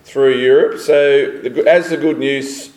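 A man hosting a church teaching series and interviewing a costumed guest in a measured presenter manner. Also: mid-range voice, fairly even intonation, a little mellow, a little hiss or hum. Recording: roomy echo.

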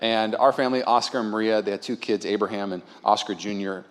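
A male pastor giving a sermon in a loose, conversational way, telling stories with quiet asides and rising to loud, emphatic points. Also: lowish voice, fairly even intonation, quick pace. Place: church sanctuary.

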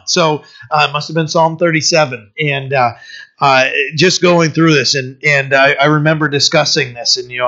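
Middle-aged man, pastor, conversational storytelling sermon, bright edge, muffled lo-fi sound. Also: fairly high pitch, normal speed. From United States. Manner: informal storytelling sermon, loose and personal. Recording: dull lo-fi recording.

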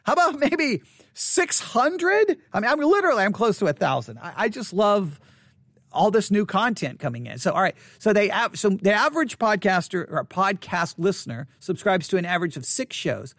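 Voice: mid-range voice, big pitch swings, moderate pace, fairly bright tone, no room sound. A podcaster talking alone into a close microphone, reacting with incredulous asides and many restarts. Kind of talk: solo podcast commentary on listener statistics. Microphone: studio microphone up close.

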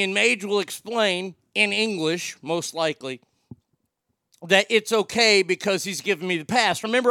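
Hosting a livestream, a man from Oklahoma reads viewer comments aloud, joking and bantering along the way. His voice sits high, bright and forceful, captured in a dry, studio-quality recording.

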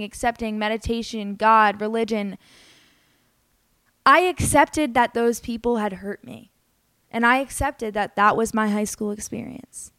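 A woman's voice: medium pitch, fairly bright tone, clear, resonant tone, no room sound. A young adult woman hosting a podcast, telling a personal story in an earnest, candid, emotional way, with many "like" fillers. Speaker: podcast host.

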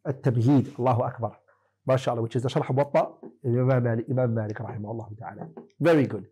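Male teacher, mellow husky voice, questioning students in class, firm corrections. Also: medium pitch, fairly even intonation, fast talker, low-quality recording. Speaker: Islamic teacher. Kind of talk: classroom lesson quizzing students.

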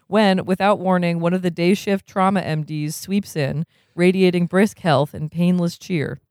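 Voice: medium pitch, darkish tone, no echo, clean studio sound. A reader reading a novel aloud, chuckling often and breaking off for casual comments.

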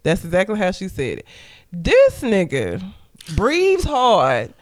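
A woman's voice: medium pitch, huge pitch swings, slow. A woman co-hosting a casual podcast, animatedly retelling a film's plot with lots of profanity. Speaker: podcast co-host. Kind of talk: casual movie recap chat.

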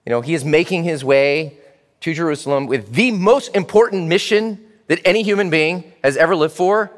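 A man preaching a sermon in church as pastor, animated and speaking directly to the children. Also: a little high, normal speed, long reverb tail.

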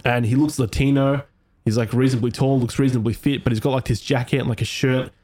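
A man telling a story in a casual chat, animated and swearing often. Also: mid-range voice, fast talker. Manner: animated, swearing, acts out voices in his story. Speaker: podcast co-host telling a story.

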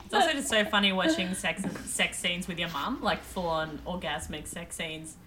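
A woman with an Australian accent co-hosting a podcast in casual chat, loud and jokey with a lot of swearing. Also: on the low side, normal speed, a crowd in the background. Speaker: podcast co-host.

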